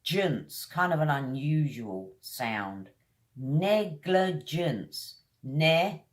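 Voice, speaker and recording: A woman with a British accent teaching English vocabulary, drawing each word out slowly as she drills its pronunciation. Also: rumbling low, animated. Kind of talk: vocabulary lesson.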